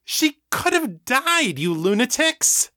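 A man reading an audiobook, voicing an indignant young male psychic healer who shouts at a collective mind. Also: mid-range voice, animated, normal speed, no room sound, studio quality, natural voice. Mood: outraged.

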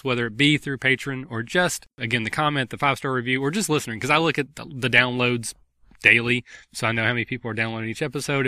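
A man's voice: medium pitch, pushed and bright, no room sound. A man hosting a gaming podcast, chatting in a friendly, rambling way with lots of fillers. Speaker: podcast host. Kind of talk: casual podcast chat.

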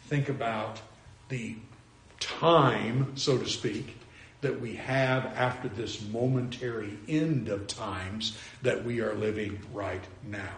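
A man's voice: mid-range voice, slight background noise. Earnest preacher man in an echoey hall. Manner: earnest, emphatic, with repetitions and restarts. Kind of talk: sermon.

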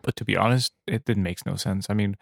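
A man with a somewhat low voice, co-hosting a casual podcast. He jokes and trips over his words in quick asides. The recording is dry and close. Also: fairly even intonation, vocal fry, dry recording. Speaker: podcast co-host. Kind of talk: casual chat.

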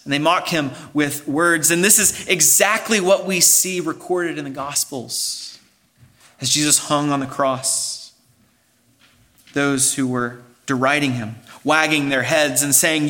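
A man's voice: on the high side, measured pace, pushed and bright. A man preaching a sermon as pastor, earnest and explanatory, building emphasis as he goes.

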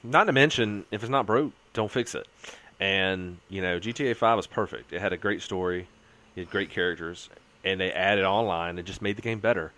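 A man on a casual gaming podcast, talking excitably and with strong emphasis. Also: low-pitched, fairly quick. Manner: excitable, emphatic, swings his voice up and down.

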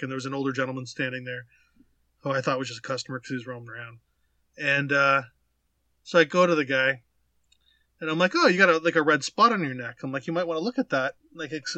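Man, podcast co-host, animated anecdote teller, bright tone, dry close sound. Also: medium pitch, no room sound. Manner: animated anecdote teller, swears, acts out quotes. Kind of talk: casual chat, storytelling.

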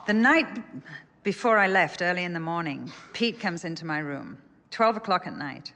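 A woman's voice: on the low side, lively intonation, normal speed, pushed and bright. Older woman preaching, echoey hall. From England. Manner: personal, anecdotal, earnest. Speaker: speaker. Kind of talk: storytelling sermon.

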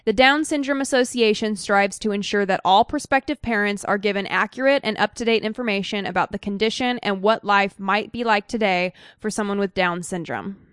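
Woman, podcast co-host, matter-of-fact, smooth clear voice, dry close mic. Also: medium pitch, fairly quick, hardly any pauses, no echo. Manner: matter-of-fact, reads quotes in an even tone. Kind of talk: casual chat, reading news quotes aloud.

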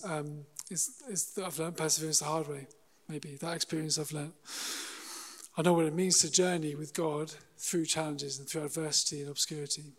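A man preaching a sermon in an earnest, halting way, often restarting his sentences. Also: a little high, long reverb tail. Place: church hall.

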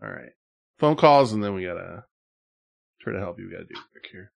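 A man hosting a casual podcast chat, animated and quick to swear. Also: deep voice, gravelly, no room sound. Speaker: podcast host.

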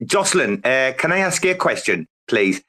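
A man's voice: mid-range voice, sing-song, normal speed, pushed and bright. Man, casual, cheeky, profane. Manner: swears freely, calls people darling. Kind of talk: casual chat.

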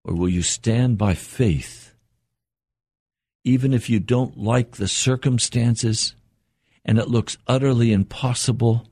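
An older man preaching an earnest radio sermon, his voice climbing higher as he presses a point. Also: slow, dark tone, slightly rough, no echo, studio quality. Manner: earnest, rising in pitch for emphasis and quotes.

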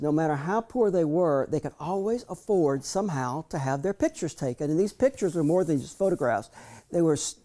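Man, 50s, mellow warm voice, folksy storyteller with loose restarts. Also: on the high side. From Southern US. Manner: folksy, frank, frequent restarts. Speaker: speaker reading from his memoir. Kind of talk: storytelling talk.

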